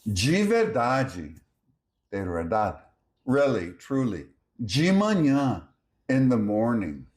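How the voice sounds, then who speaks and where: Guy teaching vocab slowly, word by word, pitch moving around a lot. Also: darkish tone. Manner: measured, reads example words one by one. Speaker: language teacher. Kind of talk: slow scripted language lesson.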